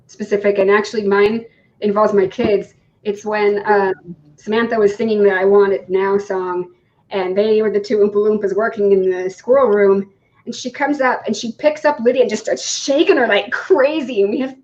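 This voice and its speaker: A woman's voice: medium pitch, darkish tone. A woman speaks over a video call with dull, lo-fi sound. She fondly recalls a moment her children had on stage. She talks hesitantly, with fillers. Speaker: parent of cast members. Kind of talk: casual reunion chat.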